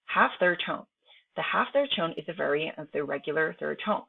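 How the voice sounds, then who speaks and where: A woman teacher, native in Chinese, with a low voice and a gravelly edge to it. She reads out the lesson and then talks to her students in a loose, chatty way, checking in with "right?" again and again. The sound is thin and narrow, as if it came through a phone line. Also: expressive, moderate pace. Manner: reads textbook aloud, then chats to students with frequent "right?" tags. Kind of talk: recorded online lesson. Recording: tinny phone-like home recording.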